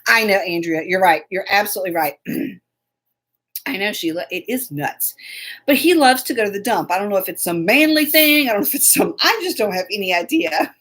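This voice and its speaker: A woman's voice: medium pitch, animated, a little fast, a bit bright. A woman hosting a casual live stream, chatty and laughing often as she greets viewers by name. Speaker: host.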